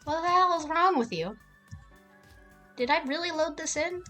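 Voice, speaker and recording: A woman's voice: very high-pitched, normal speed, a bit bright, soft background music. A woman streaming a game, ranting casually with heavy swearing. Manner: profane and heated.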